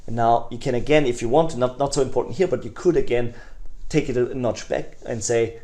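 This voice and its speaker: A man giving a recorded online sales lesson in a mid-pitched voice. He talks casually, full of "you know" and restarts, and he jumps from loud, eager delivery to quiet, hushed phrases to show how each tone sounds. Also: a little fast. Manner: demonstrates tonalities, swings between loud enthusiasm and soft hushed lines; conversational, many fillers and restarts. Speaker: sales trainer.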